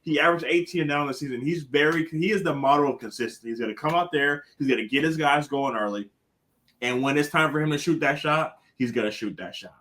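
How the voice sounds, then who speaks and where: A man giving excited, profanity-laced sports takes on a casual podcast, telling stories with lots of energy. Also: fairly high pitch, fast talker. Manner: animated storyteller, swears freely. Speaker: podcast panelist.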